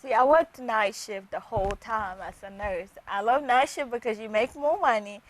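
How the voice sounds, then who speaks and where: A woman's voice: on the high side, normal speed, poor audio. A woman who works as a nurse practitioner, speaking as a guest on a TV health interview and telling chatty stories from her work. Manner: chatty storytelling, acts out patients' lines.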